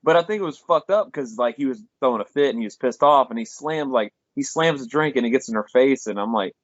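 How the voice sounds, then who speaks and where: A podcast co-host with a medium-pitched, expressive voice talks fast as he reviews a film, rambling through the plot with acted-out quotes and casual swearing. The recording is dry, with a dull lo-fi podcast sound.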